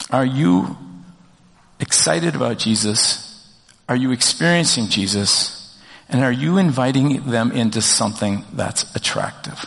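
A man's voice: mid-range voice, gravelly, fairly bright tone. A man pastor giving a conversational sermon, asking the congregation questions as he goes. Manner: conversational preaching with rhetorical questions. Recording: long reverb of a large hall.

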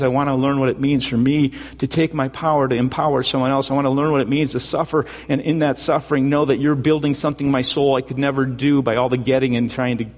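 A man's voice: medium pitch, big-room sound. A man preaching a sermon as pastor, earnest and repeating words as he builds up.

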